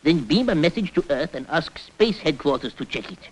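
A serious professor astronomer. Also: male voice, a little high, sing-song. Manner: measured, serious. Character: wise, worried male professor astronomer. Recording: old cartoon soundtrack with faint hiss.

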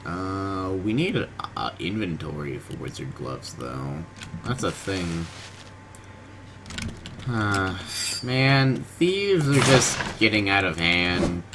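A man giving casual gameplay commentary, low-key and monotone, groggy from just waking up, in his bedroom. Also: takes it slowly. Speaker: gaming video host. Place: hot bedroom with a fan. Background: fan and keyboard noise.

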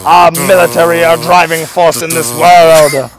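A man's voice: on the high side, flat delivery, unhurried, music in the background. A young man hamming up a pompous 1920s movie executive. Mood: grandiose. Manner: theatrical old-timey oratory, mock-southern drawl. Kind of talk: improvised comedy skit among friends.

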